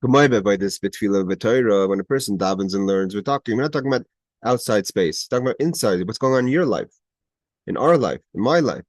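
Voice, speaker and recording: Over a video call, a man with a lowish, expressive voice teaches a Torah class, going through a Hebrew text line by line and explaining the quotes in English. He talks a little fast, often restarts his sentences and turns emphatic at key points; the recording is dry.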